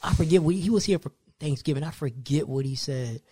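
A young man hosting a casual podcast chat, telling lively stories and acting out what people said. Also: on the high side, fairly quick, slightly rough. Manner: animated storytelling, acts out quoted lines. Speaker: podcast host.

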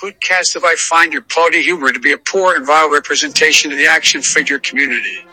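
A man playing a gruff older male caller who sounds like an aging politician, leaving a rude voice message. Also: a little high, steady tone, fast, sharp tone, no room sound, faint music behind, full character voice, poor audio. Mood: angry. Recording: played-back voice message.

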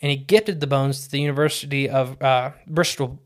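A man's voice: medium pitch, steady tone, a little fast. A man co-hosting a podcast in casual chat, telling cryptid stories in a rambling, jokey way and correcting himself as he goes. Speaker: podcast co-host.

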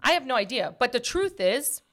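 A woman's voice: fairly high pitch, normal speed. A woman in her thirties chatting casually, telling stories emphatically with lots of "like". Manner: emphatic, animated storytelling, frequent "like". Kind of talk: casual chat.

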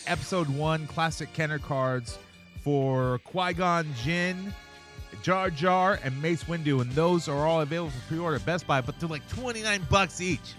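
A man's voice: on the high side, a bit bright. A man co-hosting a podcast in casual chat, laid-back and teasing his partner. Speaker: podcast co-host.

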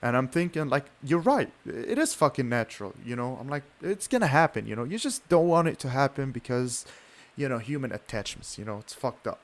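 A man's voice: mid-range voice, lively intonation, brisk. Rambling young man, lots of "you know". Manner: rambling, heavy "you know" fillers, swears. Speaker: podcast co-host. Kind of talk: casual chat.

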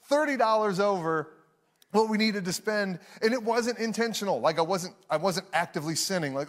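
A man's voice: high-pitched, lively intonation, normal speed. A man in his thirties, a pastor preaching a sermon to a live room, telling a story with frequent restarts and acting out the voices in it. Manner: acts out voices in anecdotes. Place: church hall with live audience.

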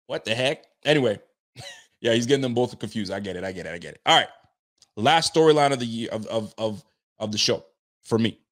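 A man hosting a casual sports talk show, speaking in an animated, slang-heavy way, answering chat comments and riffing on the roster. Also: on the low side, a little fast, pauses often. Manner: animated, slangy, talks straight to listeners. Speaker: sports podcast host.

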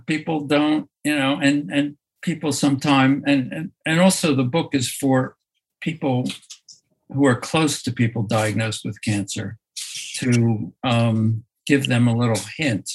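A man, a photographer, talking in a slow, thoughtful way in an interview, often restarting his sentences and laughing softly. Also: medium pitch, fairly even intonation, vocal fry, breathy edge, poor audio. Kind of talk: reflective conversational interview.

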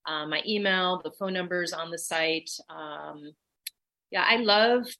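A woman's voice: fairly low pitch, unhurried, bright, forceful tone. A woman who runs a dance company, a guest on a radio show, talking in an enthusiastic, playful way. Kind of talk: casual radio interview.

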